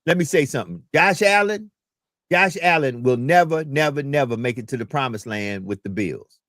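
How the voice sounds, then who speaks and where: An excitable man co-hosting a casual sports chat on a livestream, repeating himself as he cuts in. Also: mid-range voice, moderate pace, no room sound, clean studio sound. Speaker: co-host.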